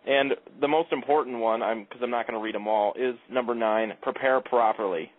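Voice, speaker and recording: Blunt male radio caller, mid-pitched, reading a list flatly over a tinny phone line. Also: a little fast. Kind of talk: call-in radio conversation.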